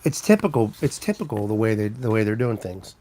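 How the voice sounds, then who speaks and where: A man's voice: on the low side, big pitch swings, fairly quick, heavy background noise. A man hosting a casual live stream, rambling as he greets viewers by name and walks around his home with a handheld camera. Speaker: livestream host.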